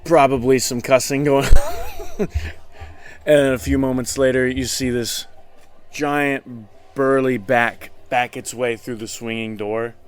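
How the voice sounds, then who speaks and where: A man's voice: mid-range voice, steady tone, slow, smooth. A man narrating as game master in a casual tabletop game, often laughing as he describes the scene. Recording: faint background music.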